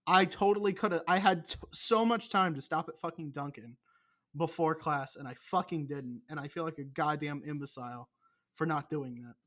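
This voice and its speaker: A man's voice: fairly high pitch, moderate pace, fairly bright tone. A young man co-hosting a casual podcast, rambling and swearing, often mocking himself. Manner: profane, rambling, self-mocking. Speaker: podcast co-host. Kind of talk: casual chat.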